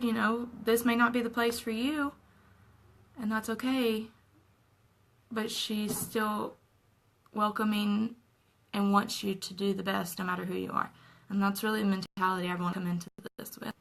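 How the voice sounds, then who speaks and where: A woman's voice: mid-range voice, steady tone, moderate pace, rough recording. A young woman chatting casually and earnestly while doing her makeup at home in a tutorial vlog. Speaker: makeup vlogger.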